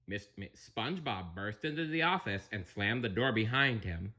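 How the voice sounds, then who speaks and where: A man reads a storybook aloud in a low, bright voice, taking his time. He adds chatty asides to the listener, his pitch rising and falling with lively expression. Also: moderate pace, hardly any pauses. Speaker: narrator.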